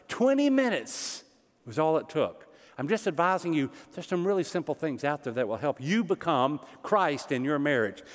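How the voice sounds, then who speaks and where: Man, pastor, sermon, conversational, joking with the congregation, slightly high voice, long hall reverb.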